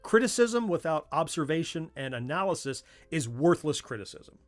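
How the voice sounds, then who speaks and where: A man's voice: fairly high pitch, sing-song, moderate pace, soft background music. A middle-aged man with a Southern US accent, hosting a casual livestream from a home workspace and chatting in a way that wanders off on tangents. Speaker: livestream host.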